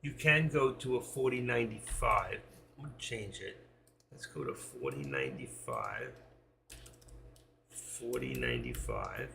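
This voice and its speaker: Male streamer, very gravelly and bright-toned, reading prices aloud at a trading desk with faint noise behind. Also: medium pitch. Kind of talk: live trading commentary.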